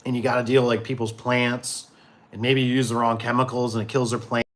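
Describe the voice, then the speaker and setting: A man's voice: medium pitch, level tone, fairly quick, a bit bright. A man who runs a garage door business, telling work stories in a casual, rambling way with many fillers and restarts. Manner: rambling, full of fillers and restarts, acts out quotes. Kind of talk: casual storytelling chat.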